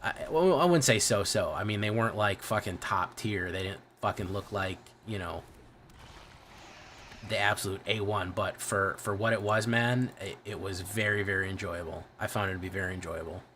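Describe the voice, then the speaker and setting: A man's voice: lowish voice, moderate pace, a bit bright, a little hiss or hum. A young man with a Midwest American accent, chatting casually and profanely on a game stream, often restarting his sentences. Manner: profane, rambling, self-correcting. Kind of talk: casual livestream chat.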